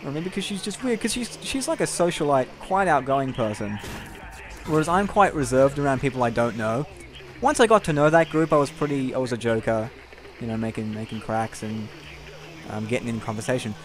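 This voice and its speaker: A man's voice: mid-range voice, animated, a little fast. A young man telling a long, rambling personal story over gameplay, candid and casual with frequent swearing. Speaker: gameplay commentator.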